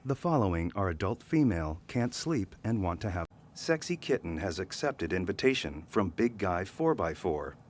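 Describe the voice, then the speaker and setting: Computer assistant voice, flat readout, pretty low, lively pitch, loud music over it. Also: male voice, moderate pace, slight background noise. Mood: matter-of-fact.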